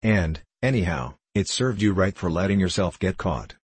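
A man's voice: low voice, animated, moderate pace, breathy edge, no room sound. A man reading the part of a mocking, condescending middle-aged diplomat, speaking sharply and cynically. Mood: sneering.

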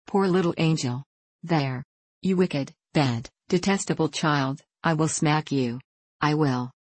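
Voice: mid-range voice, takes it slowly, husky, no echo. A reader voicing a plump, flustered schoolmistress in a storybook reading, pleading and helpless.

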